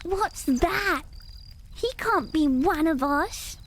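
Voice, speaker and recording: A woman voicing mean, bratty yellow ducklings who taunt and quack in a storybook reading. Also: animated, extremely slow, slight background noise, full character voice. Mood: sneering. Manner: taunting, shrill.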